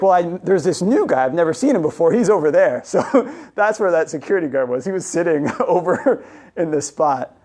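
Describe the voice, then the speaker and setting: Man, Buddhist monk, from Canada, somewhat high voice, relaxed anecdotal talk, lots of fillers. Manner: chatty storytelling, many "you know" fillers, acts out dialogue. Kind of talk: casual anecdotal Dhamma talk.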